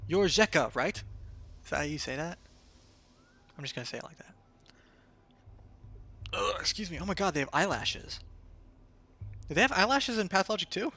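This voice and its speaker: Streamer guy chatting while he plays, bright slightly high voice, jokey and offhand. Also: expressive, brisk, gravelly, long pauses. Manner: offhand, joking, reads item text aloud. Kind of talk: casual gameplay commentary.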